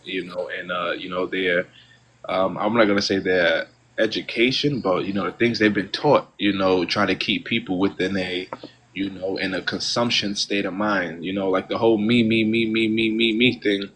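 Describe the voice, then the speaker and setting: A man's voice: deep voice, fairly even intonation, normal speed, fairly bright tone, a little hiss or hum. A man talking earnestly about spiritual ideas in a casual chat, often checking in with his listener. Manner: earnest and preachy, keeps asking "you know what I'm saying".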